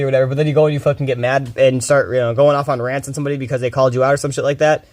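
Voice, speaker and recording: A fast, rambling male streamer, swearing freely while he talks over a game. The sound is dry and close, with hardly any room around his steady, mid-pitched voice. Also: dry recording. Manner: fast-talking, rambling, profane. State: groggy from little sleep. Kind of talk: casual rambling commentary.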